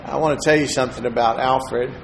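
A man's voice: medium pitch, fairly even intonation, fast, vocal fry, slight background noise, rough recording. Man preaching in a storytelling way. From Texas, USA. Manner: conversational storytelling, soft-spoken asides. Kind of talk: sermon.

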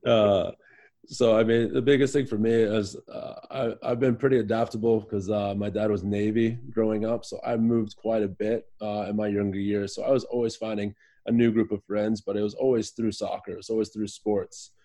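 A man from Virginia chats as a podcast guest, his voice on the lower side and warm, mellow in tone. He talks in an easygoing, rambling way, filling pauses with ums and uhs. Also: little pitch movement. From Virginia, USA. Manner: easygoing, rambling, many fillers. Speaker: podcast guest, professional soccer player. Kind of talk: casual interview chat.

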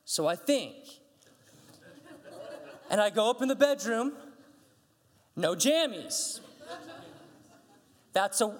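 A middle-aged man preaches from a church stage, his voice sitting high for a man. He tells stories in an animated way and acts out the dialogue as he goes. A long reverb trails off each phrase in the hall. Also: measured pace, pauses often. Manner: animated, acts out dialogue with big pitch jumps. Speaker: pastor. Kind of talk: sermon storytelling.

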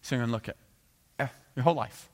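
A male pastor preaching a sermon in a casual, conversational way, acting out dialogue with bursts of rising energy. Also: quick pace. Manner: animated, acts out biblical dialogue with rising pitch and volume.

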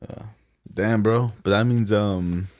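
A young man chatting casually and reacting in relaxed slang. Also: on the low side, slow pace. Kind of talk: casual chat.

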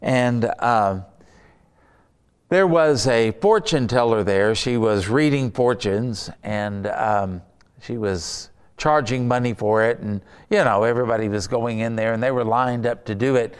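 Man preaching a sermon, smooth voice. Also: mid-range voice. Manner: conversational storytelling with rhetorical asides; slow emphatic scripture reading.

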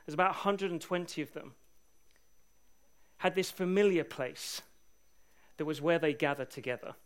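Male preacher, high voice, loose humorous storyteller, church sermon. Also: moderate pace, clear, resonant tone.

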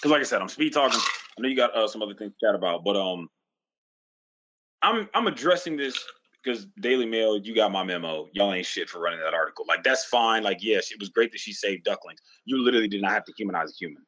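Lively, emphatic ranting man. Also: lowish voice, fast talker. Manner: emphatic, ranting, profane, repeats phrases for force. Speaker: podcast host. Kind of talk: casual podcast conversation.

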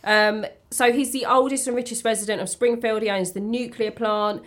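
A woman's voice: on the high side, steady tone, normal speed, fairly bright tone. A woman in a casual podcast chat, talking bluntly with many ums and restarts. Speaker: podcast co-host.

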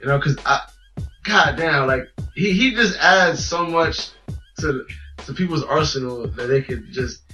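A man's voice: on the high side, unhurried, bright, forceful tone, far from the mic, soft background music, rough recording. A man co-hosting a casual podcast, talking loosely and profanely and telling stories with animation. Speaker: podcast co-host.

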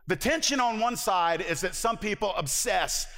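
High bright-voiced preaching man. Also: animated, moderate pace. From Southern US. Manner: earnest, emphatic preaching. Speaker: pastor. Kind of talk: sermon. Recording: long hall reverb.

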